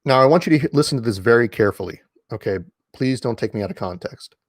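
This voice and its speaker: A man talks to his audience from home in a casual, lecture-like monologue. He leans hard on single words, repeats phrases for emphasis, and fills pauses with ums and restarts. His voice sits at a middling pitch, recorded close and dry with no room echo. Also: lively intonation. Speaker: online commentator. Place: indoors at home.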